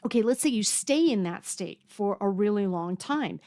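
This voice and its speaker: A woman's voice: mid-range voice, expressive, normal speed, dark tone. A woman giving a casual health lesson in a chatty way, full of fillers and restarts. Now and then she acts out a startled, panicky voice to make a point. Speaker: health coach. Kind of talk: casual educational talk. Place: home near a mountain lake.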